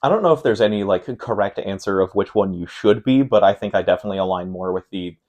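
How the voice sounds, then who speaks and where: A low-pitched young man talks through a card game turn by turn in a casual interview. He lays out each choice methodically, and his delivery livens up as he recounts a frustrating defeat. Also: quick pace. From Pacific Northwest of the United States. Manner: explains game plays step by step, animated when retelling frustration. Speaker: guest, tournament player.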